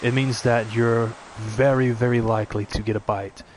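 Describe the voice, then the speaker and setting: A man's voice: mid-range voice, level tone, moderate pace, a little hiss or hum. A man giving casual gameplay commentary, chatting and explaining tips to his viewers. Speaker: let's play streamer. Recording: game music behind the voice. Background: game music.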